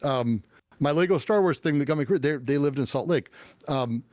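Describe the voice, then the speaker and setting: A middle-aged man telling his life story as an interview guest, animated and swearing, with many fillers and restarts. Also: fairly high pitch, normal speed, dry recording, studio quality. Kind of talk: casual storytelling.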